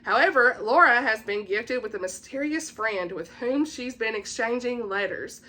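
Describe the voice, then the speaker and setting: Speaking at normal speed, this woman's slightly high voice is expressive, pushed and bright. With a Southern US accent, the book vlogger casually discusses upcoming releases and reads blurbs aloud, laughing when she trips over words.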